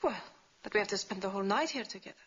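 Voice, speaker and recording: An actress playing a nervous young female university instructor who speaks earnestly and often in a hush. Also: mid-range voice, expressive, racing, breathy edge. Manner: earnest, often hushed and whispering. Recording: muffled 1960s TV soundtrack.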